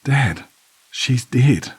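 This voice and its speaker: A man's voice: low voice, unhurried, warm tone, slightly rough, heavily acted. A man voicing a frantic young woman who insists her grandmother is dead, his voice rising in alarm. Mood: panicked.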